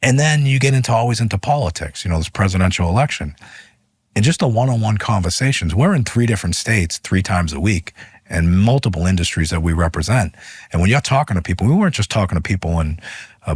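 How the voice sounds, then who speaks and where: A man, a union leader guest in an interview, telling stories in an animated way, his voice rising as he gets heated. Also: low voice, fast talker, slightly rough, no echo, clean studio sound. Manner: animated, voice rises when retelling arguments. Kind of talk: interview storytelling.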